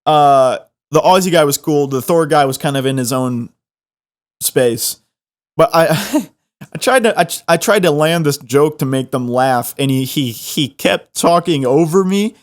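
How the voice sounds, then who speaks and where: A young man hosting a podcast, telling a funny story in an animated, self-mocking way. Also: on the high side, a little slow. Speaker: podcast host. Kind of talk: comedic storytelling.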